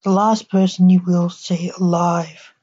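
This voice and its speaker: A woman's voice: fairly low pitch, flat delivery, a little slow, warm tone, breathy edge. A woman voicing a stern male assassin who is a protective father, with dry, clipped lines, on a dull lo-fi recording. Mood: cold.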